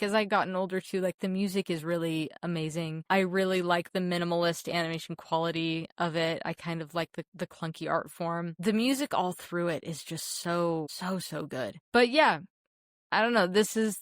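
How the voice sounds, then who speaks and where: A young woman chats about a film she loves, heartfelt and close to tears, restarting her sentences as she goes. Her voice sits on the low side for a woman. The sound is dry and close to the mic. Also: no room sound. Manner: heartfelt, emotional, many restarts. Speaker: podcast co-host. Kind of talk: casual film chat.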